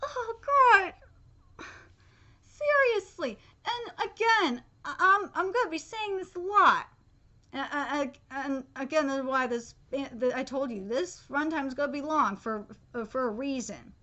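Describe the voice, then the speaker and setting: A woman's voice: sits high, unhurried, sharp tone, lo-fi sound. A woman streamer ranting through a live anime reaction, exasperated and profane, with frequent fillers and restarts.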